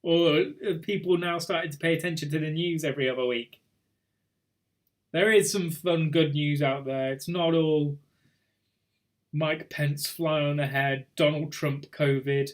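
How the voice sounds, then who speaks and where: A man with a bright, high voice runs a relaxed online pub quiz, reading out names and scores and ribbing the players. He talks into a video call mic in an easygoing, chatty way. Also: unhurried, pauses often. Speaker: quiz host.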